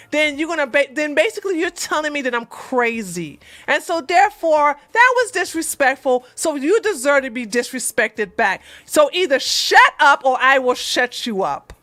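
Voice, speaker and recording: A woman's voice: on the high side, animated, moderate pace, sharp tone, no echo. A woman hosting an advice channel, telling a story to her viewers bluntly and animatedly, repeating herself for emphasis. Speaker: relationship advice channel host.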